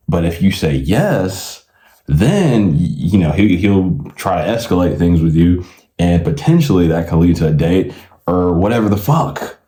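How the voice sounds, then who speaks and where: A man's voice: low voice, expressive, moderate pace, mellow, roomy sound. A man giving blunt, exasperated reaction commentary, swearing casually.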